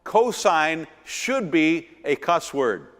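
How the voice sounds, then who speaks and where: Taking his time, a middle-aged pastor gives a church finance seminar in a church hall, his slightly high, fairly bright voice swinging widely in pitch. He presses his points emphatically through repetition and rhetorical questions, with the hall's long echo behind him.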